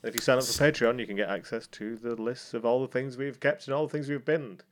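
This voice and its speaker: A man's voice: medium pitch, steady tone, quick pace, slight background noise. Chatty male host with faint clicks. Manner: chatty, hesitant with ums, swears casually. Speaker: podcast host. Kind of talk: casual music podcast banter.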